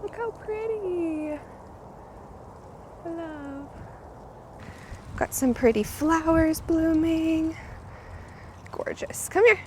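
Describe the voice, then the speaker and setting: A woman with a high voice chats casually through her day, cooing at her dogs in an unhurried way. She is recorded on a small clip-on mic, with faint outdoor ambience behind her. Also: warm tone, a little hiss or hum. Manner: chatty, coos and talks to her dogs. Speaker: vlogger, small business owner. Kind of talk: casual day-in-the-life vlog. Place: at home and out on a walk. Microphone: small clip-on microphone.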